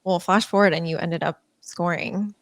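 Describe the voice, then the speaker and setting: An American woman hosting a podcast, asking questions and responding with quick affirmations. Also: on the low side, steady tone. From United States. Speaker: podcast host. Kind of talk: casual interview chat.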